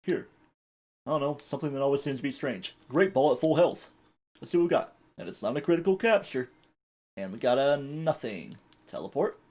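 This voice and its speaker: A man's voice: mid-range voice, expressive, a little fast, darkish tone. A man streaming a video game live, rambling through chuckling commentary and reading the game's text aloud. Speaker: gaming streamer.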